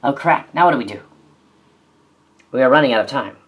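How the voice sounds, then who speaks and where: Low-voiced woman performing a sci-fi fan drama. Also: expressive. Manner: quick-switching, sarcastic, melodramatic. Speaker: narrator and voice actor. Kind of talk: fan audio drama, reading many parts.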